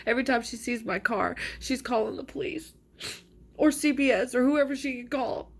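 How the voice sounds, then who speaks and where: A woman telling her own story in an indignant, frustrated, emphatic way, as a mother. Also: on the high side. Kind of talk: personal account to camera.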